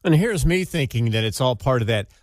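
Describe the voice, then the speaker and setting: A man's voice: medium pitch, lively intonation, a little fast, no echo, studio quality. A man co-hosting a radio show, adding wry, understated remarks in casual banter. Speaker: radio co-host.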